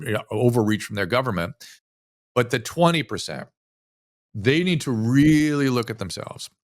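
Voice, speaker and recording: A physician from the United States speaking as an interview guest, telling a story animatedly with frequent restarts. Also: male voice, medium pitch, dry recording, studio quality. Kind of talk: casual interview conversation.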